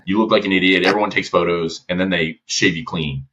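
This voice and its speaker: A man's voice: low-pitched, brisk, highs cut off. A man guest on a podcast, telling a story casually with slang and quoting what others said. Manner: slangy, lively, quoting others in his stories. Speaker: podcast guest, former gunship gunner.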